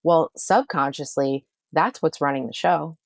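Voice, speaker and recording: Low-voiced woman coaching emphatically. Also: a little slow, dry recording. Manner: emphatic, repeats phrases for effect. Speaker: manifestation coach and astrologer. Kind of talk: casual podcast conversation.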